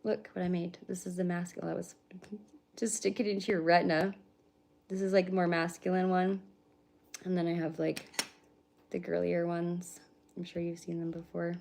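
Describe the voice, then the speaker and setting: Woman, 30s, low voice, rambling blunt streamer who swears freely. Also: little pitch movement, normal speed, creaky, long pauses, a little mellow, slight background noise. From British Columbia, Canada. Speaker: livestreamer. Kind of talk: casual live-stream chat.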